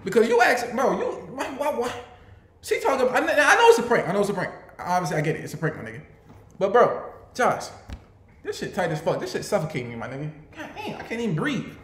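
A young man reacting out loud to a video, his voice high and swinging all over the place. He laughs, swears and trips over repeated words. His voice carries a roomy echo. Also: huge pitch swings, fast. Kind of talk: casual reaction commentary.

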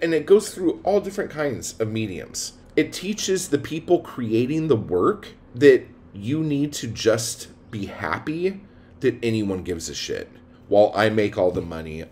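A man, a poet and writing coach, delivering a profane, blunt rant that swings between low mutters and loud outbursts. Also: a little hiss or hum. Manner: profane, blunt, heated ranting. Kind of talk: ranting video monologue.

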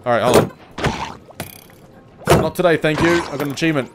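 This man hosts a gaming video, narrating his play in a fairly low, fairly quick voice punctuated by long pauses. Excitable and panicky, he swears a lot over background game music and water sounds.

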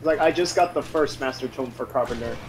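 A man's voice: medium pitch, fairly quick, a little hiss or hum. A man co-hosting a gaming podcast, teasing and bantering with the player. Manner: teasing, laughs often. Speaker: podcast co-host. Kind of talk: casual banter.

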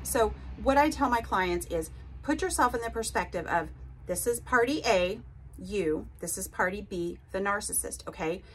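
A woman hosting an advice podcast in a husky, slightly breathy voice, at a middling pitch. She coaches her listeners emphatically, often checking in with a quick "okay?" or "right?". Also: expressive. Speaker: podcast host and narcissistic abuse recovery coach. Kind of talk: casual advice talk to listeners.

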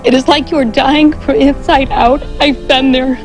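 A woman making an impassioned appeal in short, pleading, forceful statements. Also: sits high, steady tone, measured pace, faint music behind, low-quality recording.

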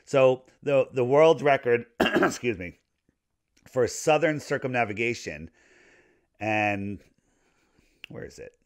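A man speaking as a podcast guest in casual conversation, talking in a rambling, animated way as he loses his voice. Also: medium pitch, slow, pauses often, no echo, studio quality. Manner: rambling, animated conspiracy talk. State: losing his voice.

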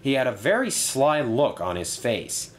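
Male storybook narrator, animated and expressive. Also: medium pitch, a little slow.

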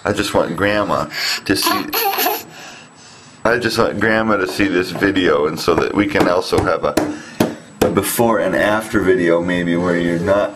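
A father gently coaxing and teasing his small child in a home video. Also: deep voice, fairly even intonation, normal speed, heavy background noise.

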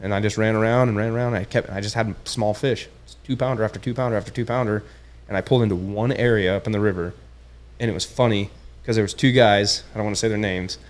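A young man with a fairly low voice tells his story in an easygoing, laid-back chat. He keeps dropping "dude" into his sentences and acts out the lines he quotes as if he were living the moment again. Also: fairly even intonation, fast. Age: young adult. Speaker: podcast guest, tournament angler. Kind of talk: casual chat.

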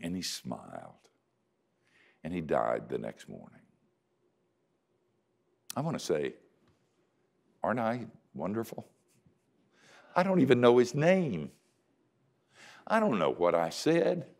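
Older guy preaching, low voice, really animated, jokes at his own expense. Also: measured pace, gravelly, long pauses. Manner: storytelling with dry self-mocking humor; swings between loud emphasis and hushed quiet. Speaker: pastor. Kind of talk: sermon.

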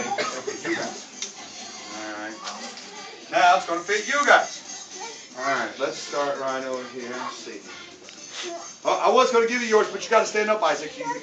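Lively playful karate coach, echoey. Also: male voice, on the high side, dull audio. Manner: playful, encouraging coach, talks simply to kids. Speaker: martial arts instructor. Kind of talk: instructing children at a belt test. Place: martial arts studio. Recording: echoey room from far away with music.

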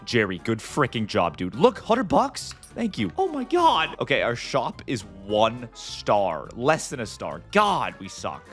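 A man with a mid-range voice hosts a gaming video, offering casual commentary on the gameplay. His reactions are excitable and jumpy, with bursts of playful mock outrage.

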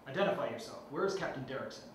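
A man reading the lines of a brisk male flight controller in a clipped, procedural way. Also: medium pitch, expressive, close to an everyday voice. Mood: stern. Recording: echoey room, distant mic, noisy.

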